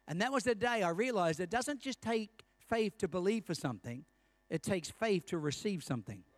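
A man's voice: high-pitched, lively intonation, normal speed, dry recording. A male pastor in his fifties preaching a sermon, telling a personal story and calling out to his congregation. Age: 50s.

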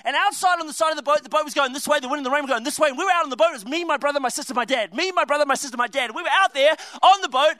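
A young man preaching a comedic sermon, telling a story with laughs and quick asides. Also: very high voice, pushed and bright, no echo.

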